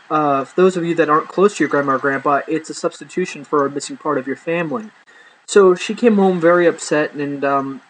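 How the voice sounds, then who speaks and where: A man's voice: a little high, a little hiss or hum, low-quality recording. A man casually telling a rambling comic story about his ex-girlfriend, full of fillers and restarts. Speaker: stand-up storyteller.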